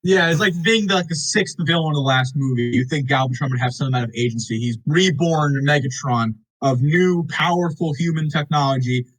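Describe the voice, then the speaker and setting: A young man co-hosting a movie review podcast, animated and sarcastic, swearing and acting out lines from the film. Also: a little high, brisk, few pauses, poor audio. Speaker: podcast co-host. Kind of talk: casual movie review chat. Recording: uneven audio in parts.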